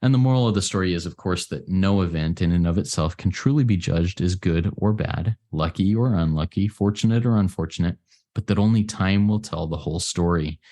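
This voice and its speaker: A man from the United States giving an earnest, reflective share at a recovery meeting, often pausing and restarting his sentences. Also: deep voice, mellow. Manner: earnest, halting, with many restarts.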